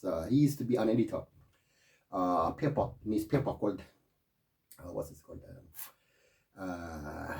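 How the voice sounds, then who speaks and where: A middle-aged man talking in a rambling, digressive monologue, often calling the listener "my friend". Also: lowish voice. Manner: animated, keeps saying "my friend", digressive.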